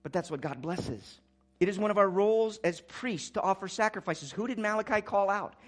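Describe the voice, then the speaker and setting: A man preaching a sermon as pastor, swinging between quiet, low asides and loud, urgent exclamations. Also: animated, fairly quick, faint music behind.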